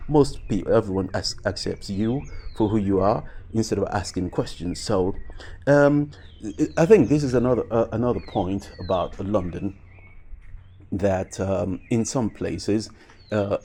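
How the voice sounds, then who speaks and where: Low mellow-voiced man musing aloud. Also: a little slow. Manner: reflective, with frequent fillers and restarts. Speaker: vlogger. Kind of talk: casual commentary.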